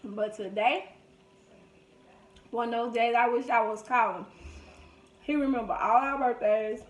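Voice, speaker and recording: A woman's voice: fairly high pitch, a little slow, far from the mic. A woman, telling family stories in a casual vlog and acting out the people she quotes. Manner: chatty, reminiscing, quotes people in lively voices. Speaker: vlogger. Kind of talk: casual storytelling during a food video. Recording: echoey room.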